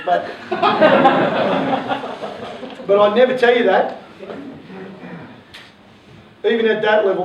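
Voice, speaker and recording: An Australian man in his forties, a coach giving a joking, animated public talk to parents. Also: high-pitched, highs cut off, slight background noise. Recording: echoey hall from far off, faint ambience.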